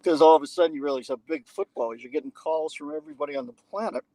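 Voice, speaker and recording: A man's voice: a little high, very fast, no room sound, rough recording. A man guest on a podcast, telling a long anecdote in casual conversation with profane, wisecracking asides. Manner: animated anecdote-teller who acts out what others said. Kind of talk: conversational storytelling.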